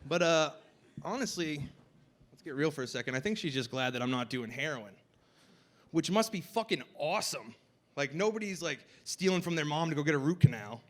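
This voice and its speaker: With a fairly high, animated voice and a fairly quick pace, a young man does festival stand-up, rambling loosely, saying "like" a lot, and at times shouting over the noise of the crowd.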